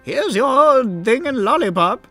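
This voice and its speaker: A man's voice: very high-pitched, very animated, measured pace, pushed and bright, soft background music, pitched above the performer's own voice, exaggerated voice. A man voicing a creepy old woman healer in a raised, sing-song voice.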